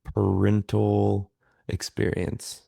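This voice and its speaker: Deep gravelly dry-humored man. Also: monotone, very slow, mellow, no echo. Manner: dry, understated, reluctant talker. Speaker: guest interviewer, host's husband. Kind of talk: casual chat.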